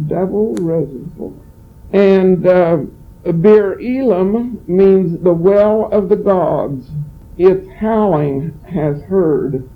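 A man leading a Bible study, reading scripture slowly and stopping with many halts and restarts to explain what names mean. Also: high voice. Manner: slow, halting, explains word meanings between verses. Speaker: preacher. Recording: tinny phone-like recording.

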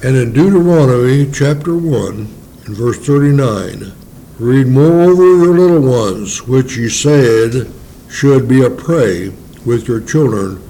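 A man preaching in a mellow, relaxed voice, with a folksy, homespun manner. He keeps tagging on rhetorical questions to the listeners and slows down when he reads the old-fashioned scripture. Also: medium pitch, a little hiss or hum, rough recording. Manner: reads scripture in King James wording, slowing down. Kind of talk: sermon.

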